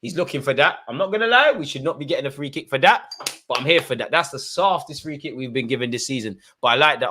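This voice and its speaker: A young man giving excitable live commentary on a football match, shouting at players and the referee. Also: mid-range voice, quick pace. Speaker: football fan channel host.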